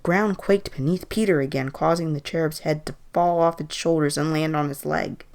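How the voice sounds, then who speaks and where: A woman reading a Halloween horror story aloud in an even, measured way. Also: sits low.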